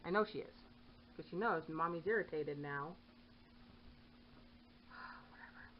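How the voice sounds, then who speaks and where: Stitching at home, a woman with a low voice chats slowly and rambles, occasionally breaking off to tell off her kitten. She is a cross-stitch vlogger, and the recording sounds dull and lo-fi with faint hiss.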